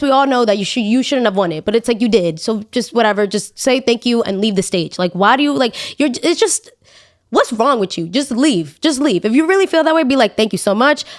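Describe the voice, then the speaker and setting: A young woman hosting a podcast, talking casually in an animated, dramatic and exasperated way. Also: mid-range voice. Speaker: podcast host. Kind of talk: casual opinion monologue.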